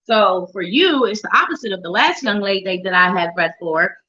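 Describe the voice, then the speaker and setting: This psychic reader on a live show has a medium-pitched woman's voice, pushed, bright and slightly rough, with lively intonation and a moderate pace. She chats playfully through her tarot readings, speaking to viewers by name and humming and singing little tunes while shuffling, all in dull lo-fi livestream sound.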